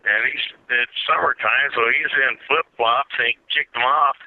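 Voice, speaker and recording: A man's voice: mid-range voice, normal speed. A man telling stories in a blunt, tough-talking and wry way, as a guest calling in to an interview. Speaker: guest fighter. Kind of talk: storytelling in a call-in interview. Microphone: phone. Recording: tinny phone line.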